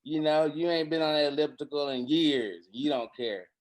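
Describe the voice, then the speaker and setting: A man telling loose, profane, slang-heavy stories in a casual chat, recorded in a quiet room at home. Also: on the high side, normal speed. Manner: animated, profane storyteller with slang. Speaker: podcast guest.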